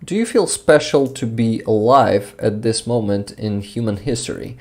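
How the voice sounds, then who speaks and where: A man's voice: fairly low pitch, expressive, normal speed. A young man from Ukraine with a Ukrainian accent, hosting a casual livestream, reading viewer messages aloud and often laughing or hunting for English words. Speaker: livestream host. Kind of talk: casual live-stream chat reading messages.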